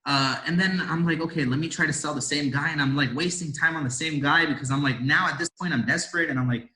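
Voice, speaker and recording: Talking fast in a fairly high, sharp-toned voice, this podcast guest is a door-to-door salesman from India in his twenties. He rambles casually through his story, restarting often and using lots of fillers, and the recording has a roomy echo.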